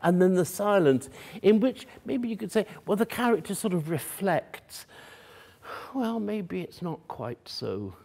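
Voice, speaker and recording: A man's voice: high voice, big pitch swings, a little slow, vocal fry, darkish tone. A man coaching a piano student in a masterclass, coaxing and singing phrases aloud to show how they should go. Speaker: piano teacher. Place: music room or hall at a workshop. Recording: piano playing behind.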